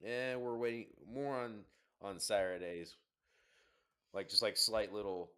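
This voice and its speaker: Young man, college football player, fairly low voice, laid-back, stop-start phrasing, swears casually. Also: clear, resonant tone. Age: young adult. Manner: relaxed, halting restarts, casual swearing. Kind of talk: casual chat.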